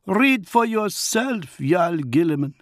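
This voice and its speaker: Man doing a growling warrior pack leader, gravelly, slow, high-pitched. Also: very animated, dry recording, clean studio sound, exaggerated voice. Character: gruff growling male space wolf pack leader.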